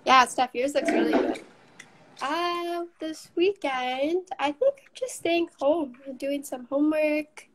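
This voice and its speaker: Young woman host, high voice, upbeat chatty painting stream, laughs easy. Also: slow. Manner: encouraging, upbeat, laughs often. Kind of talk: casual chat while painting.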